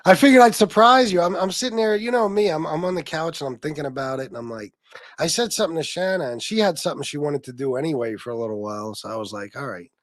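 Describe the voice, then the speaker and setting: A man's voice: a little high, no room sound, clean studio sound. Profane, rambling male livestream host. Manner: profane, rambling, laughing often. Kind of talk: casual livestream chat reading comments.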